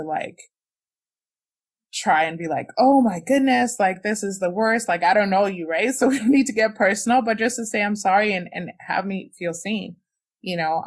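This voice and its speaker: A young woman, a podcast guest, frankly and emotionally recounting a personal experience, with many "like"s and "you know"s. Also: lowish voice. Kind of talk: candid personal storytelling.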